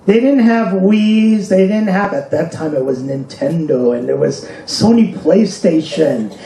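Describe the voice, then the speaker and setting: A man's voice: a little high, expressive, unhurried, gravelly, few pauses, warm tone, reverberant, rough recording. A man telling a personal story in an emotional public speech, asking the audience rhetorical questions and pointing to pictures. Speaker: speaker at a commemoration event. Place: hall with an audience.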